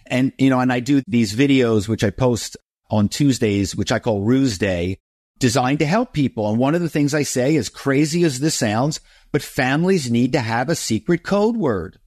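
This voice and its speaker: A man's voice: medium pitch, animated, normal speed, a little mellow, no echo, clean studio sound. A middle-aged man, a guest author, telling stories in an interview and acting out phone calls in other voices. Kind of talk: interview storytelling.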